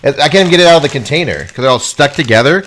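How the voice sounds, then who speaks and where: A man co-hosting a podcast in a home studio, chatting casually about sports, animated and quick to laugh. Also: fairly high pitch, slight background noise. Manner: animated, laughs often, talks in quick bursts. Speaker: podcast co-host. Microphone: podcast microphone with headphones.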